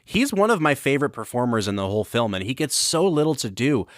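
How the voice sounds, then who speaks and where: A man's voice: medium pitch, big pitch swings, fast, dry recording, clean studio sound. A man co-hosting a film and whiskey podcast, talking through a movie in casual, enthusiastic, analytical chat. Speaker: podcast co-host.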